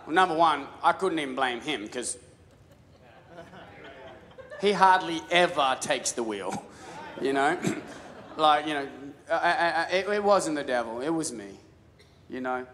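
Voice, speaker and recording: A man preaching a casual, story-driven sermon, stumbling and restarting his words as he talks. His voice sits a little high for a man. It rings out with a long reverb, as in a large church hall. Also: expressive, measured pace, long pauses, fairly bright tone. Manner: casual storytelling with many restarts and stammered repeats. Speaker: pastor.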